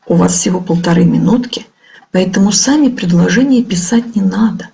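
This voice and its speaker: A woman's voice: on the low side, creaky, mellow, poor audio. A woman teacher from Russia with a Russian accent, leading an online English vocabulary lesson and moving between English and Russian as she glosses word pairs. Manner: slow, careful dictation-like delivery of word pairs.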